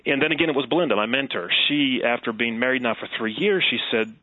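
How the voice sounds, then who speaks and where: A middle-aged man from Wisconsin, a guest telling his personal testimony in an earnest, reflective way with soft laughs. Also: mid-range voice, quick pace, no room sound. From Wisconsin, USA. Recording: tinny phone-like line.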